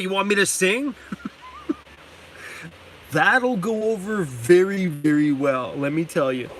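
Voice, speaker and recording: A van-life channel host runs a casual livestream from inside his van, reading viewer comments aloud, laughing often, and talking to his dog. His voice is a little high, and the background is noisy.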